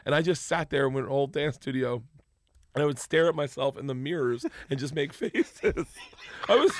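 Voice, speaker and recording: Male comedian guest from Florida, slightly high voice, swears, laughs through stories, dry close sound. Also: normal speed, no room sound. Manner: profane, laughing, animated with many restarts. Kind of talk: casual storytelling chat.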